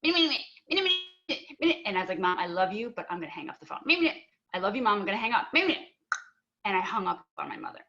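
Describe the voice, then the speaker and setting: A young woman speaks earnestly and with feeling, acting out both sides of a past argument as she tells her story. Her voice sits at a middle pitch. The sound is a bit muffled and dull, like audio from a video call. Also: fast, bright, forceful tone. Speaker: panel speaker. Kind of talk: personal storytelling on a panel.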